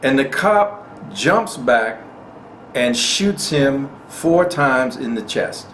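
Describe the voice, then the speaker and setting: A man's voice: medium pitch, lively intonation, extremely slow, a bit bright. A man hosting a gun rights channel, giving indignant commentary and repeating lines for emphasis. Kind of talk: impassioned commentary. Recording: echoey room with faint noise.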